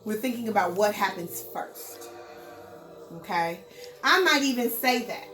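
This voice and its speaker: A woman's voice: medium pitch, lively intonation, unhurried, a bit bright, echoey room, distant mic, soft background music, low-quality recording. A woman teaching a recorded lesson to young children in a sing-song, encouraging way, stressing words for emphasis.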